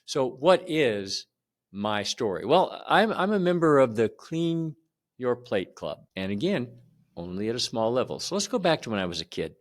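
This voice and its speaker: An older man in his seventies tells a childhood story straight to camera. He talks conversationally, and his pitch rises and falls a great deal. He often repeats words for emphasis. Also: very animated, normal speed. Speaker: channel host.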